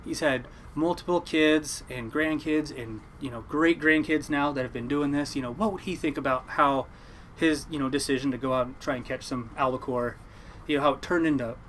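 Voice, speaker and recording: A man's voice: on the high side, a little fast, slight background noise. A young man, a fishing boat captain, telling a rambling story in casual chat and acting out what others said. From Oregon, United States. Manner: rambling, animated, acts out quotes.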